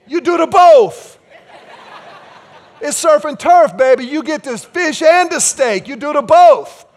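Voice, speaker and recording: A man's voice: extremely high pitch, animated, measured pace, pitched above the performer's own voice. A man putting on the voice of a chummy Cajun waitress woman who drawls and calls people darling. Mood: insistent, cheerful.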